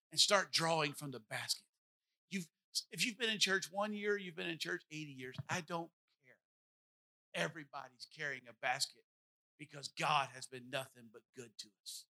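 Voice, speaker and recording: High, bright-voiced preaching man in his forties. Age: 40s. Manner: impassioned, repetitive preaching cadence. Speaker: pastor. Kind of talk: sermon.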